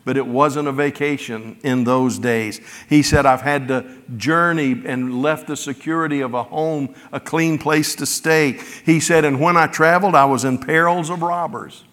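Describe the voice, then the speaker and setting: A man's voice: fairly high pitch, fairly even intonation, moderate pace, hardly any pauses, fairly bright tone. A man preaching a sermon in a conversational way, retelling scripture in his own everyday words. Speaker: pastor. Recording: long hall reverb.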